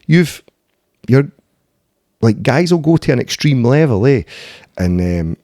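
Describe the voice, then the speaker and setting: A Scottish man in his thirties, an MMA fighter and doorman, guests on a podcast in a casual conversational interview, telling stories bluntly with free swearing and plenty of "eh" and "mate." His medium-pitched voice is very animated and dark in tone, at a normal speed. The clean studio sound has no echo.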